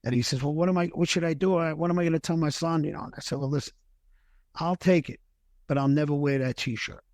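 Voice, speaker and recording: A retired firefighter in middle age tells a personal story as a podcast guest, earnest and halting, often restarting sentences and at times choked with emotion. His voice is fairly high with a darkish tone, recorded with no room sound.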